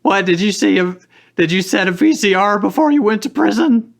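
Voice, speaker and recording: A man voicing a squeaky-voiced young guy in a live fanfiction reading. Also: animated, brisk. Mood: puzzled.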